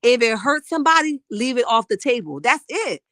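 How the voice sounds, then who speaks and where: A higher-pitched woman hosts a casual live stream and reads viewer comments in a sassy, animated way, calling everyone honey. Her voice is close and dry, with no room sound around it. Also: brisk, no room sound. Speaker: livestream host reading chat.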